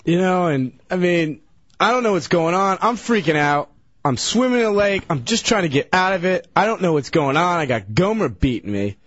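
Tired guy rambling thru a story on radio, kinda high voice that jumps all over, dull dry sound. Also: lively intonation, normal speed, fairly bright tone, no room sound. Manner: rambling, hesitant, restarts sentences. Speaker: regular guest recounting a story. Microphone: studio radio mic.

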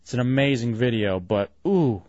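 A man's voice: medium pitch, lively intonation, darkish tone, no echo. Joking male radio host, dry studio. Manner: loose, jokey, drawn-out exclamations. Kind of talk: late-night radio call-in banter. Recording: slightly dull, dry broadcast audio.

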